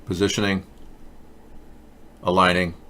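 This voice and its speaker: A man's voice: low-pitched, flat delivery, a little slow, sharp tone. A man hosting a live political chat show, talking in a sarcastic, mocking way. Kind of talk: casual satirical chat with live chat.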